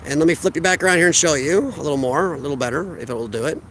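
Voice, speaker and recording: A man's voice: fairly high pitch, racing, fairly bright tone, a little hiss or hum. A man with a Midwestern American accent hosting a casual live stream outdoors at a riverfront park, talking into a handheld phone and answering viewers' chat. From United States. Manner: chatty, reads out viewers' chat and answers them. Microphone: phone camera held by the speaker.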